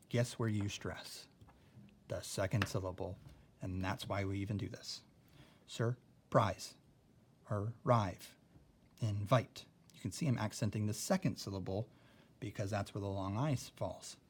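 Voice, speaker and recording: A man's voice: fairly low pitch, a little mellow. A man teaching a classroom spelling lesson, explaining step by step and often checking in with "okay?".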